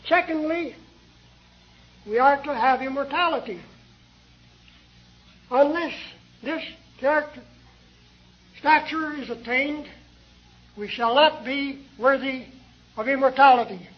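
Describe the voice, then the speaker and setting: Slow, high-voiced male preacher. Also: muffled recording. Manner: slow, deliberate, with many pauses. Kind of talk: sermon.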